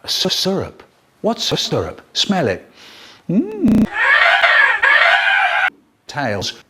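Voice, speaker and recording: Animated male storyteller with wild pitch swings. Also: measured pace, raised voice, slight background noise. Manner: theatrical, swings between squeaky quoted voices and low mutters. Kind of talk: comic children's storytelling, spliced remix.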